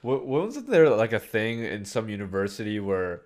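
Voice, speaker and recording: A man's voice: fairly low pitch, sing-song, a little fast, a little mellow. A young man co-hosting a podcast in casual chat, laid-back and rambling with many fillers. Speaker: podcast co-host.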